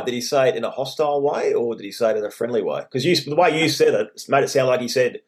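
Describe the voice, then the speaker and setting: Aussie guy hosting a footy podcast, middle pitched voice, even and steady, teasing his mate. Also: fast talker, hardly any pauses. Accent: Australian. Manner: steady, leads the discussion with questions and teasing. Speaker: podcast co-host. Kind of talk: casual sports chat.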